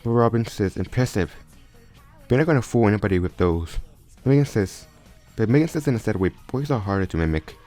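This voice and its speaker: A man's voice: fairly low pitch, animated, fairly quick, dark tone. A man casually improvising a story aloud, often stumbling and restarting his sentences. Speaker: storyteller retelling a fan crossover story. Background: faint background music.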